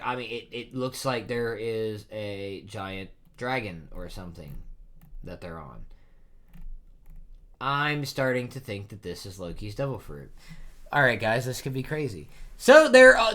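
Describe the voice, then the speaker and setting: A man's voice: mid-range voice, fairly bright tone. A man hosting a casual live comic reaction, reading and chatting with many fillers. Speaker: manga reaction host.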